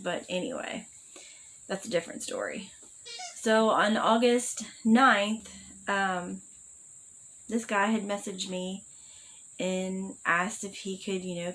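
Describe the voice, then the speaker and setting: A woman's voice: fairly low pitch, fairly bright tone, poor audio. A middle-aged woman candidly telling a personal story in a vlog, blunt and rambling, swearing freely with lots of fillers. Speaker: vlogger.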